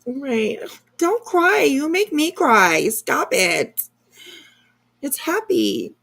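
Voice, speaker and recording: A woman hosting a casual livestream, reading viewer comments aloud in a gushing, excitable way. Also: high voice, very slow, vocal fry. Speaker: livestream host.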